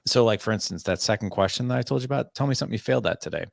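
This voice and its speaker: A man in his forties with a low, gravelly voice, recorded close and dry with no room sound. He speaks as a podcast guest on fatherhood and brings his stories to life by playing out both voices in a conversation. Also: very fast, no echo. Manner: animated, acts out both sides of dialogues. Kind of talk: conversational interview storytelling.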